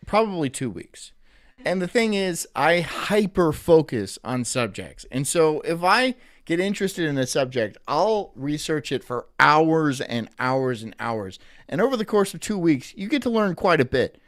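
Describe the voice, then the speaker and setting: A man's voice: on the high side, very animated, measured pace. Rambling, crude-joking male streamer. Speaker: livestream host. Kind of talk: casual live-stream chat.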